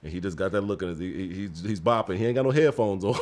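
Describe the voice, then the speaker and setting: A man's voice: deep voice, fast, darkish tone. A man in his forties, a former pro basketball player and podcast guest, telling stories with lots of laughter and swearing and acting out what people said. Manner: laughing, profane, acts out quotes. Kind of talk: casual storytelling chat.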